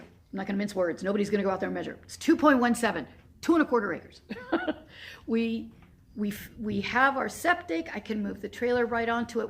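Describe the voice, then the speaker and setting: A woman's voice: mid-range voice, vocal fry, slight background noise. A woman in her fifties giving a casual, emotional video update, rambling and laughing often. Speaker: horse sanctuary founder. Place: Walnut Creek area.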